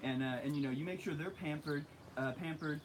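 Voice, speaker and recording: A man's voice: a little high, brisk, slight background noise, rough recording. A man giving casual studio commentary, explaining things earnestly and steadily, with lots of fillers.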